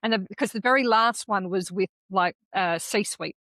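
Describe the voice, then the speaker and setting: An Australian woman chats on a podcast in a candid, animated way and tells stories with the odd swear word. Her voice sits mid-range, and the recording is close and dry with no room sound. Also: medium pitch, moderate pace, no room sound. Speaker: podcast co-host. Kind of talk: casual conversational chat.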